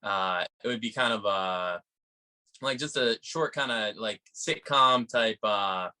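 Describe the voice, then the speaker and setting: A man from Salem, Massachusetts, an actor and writer, answering interview questions in a halting, thoughtful way with many pauses and restarts. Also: fairly low pitch, pushed and bright. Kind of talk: casual interview chat.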